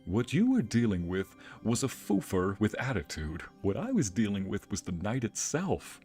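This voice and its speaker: Deep-voiced man telling laughing stories. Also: moderate pace, faint music behind. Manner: laughing often, animated anecdotes. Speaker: streamer and narrator. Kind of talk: casual storytelling chat.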